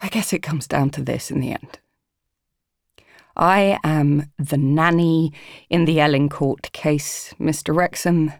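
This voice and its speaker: A woman's voice: deep voice, slow pace, darkish tone, dry recording, studio quality. A young woman narrating a first-person audiobook, earnest and pleading, emotionally raw.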